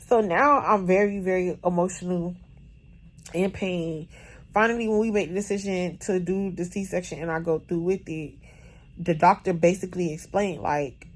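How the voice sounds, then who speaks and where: Chatty woman recounting a birth, lower pitch. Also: moderate pace. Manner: animated, chatty, lots of "like" and "bro". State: recovering after surgery, in discomfort. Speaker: vlogger. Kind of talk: casual storytelling to camera.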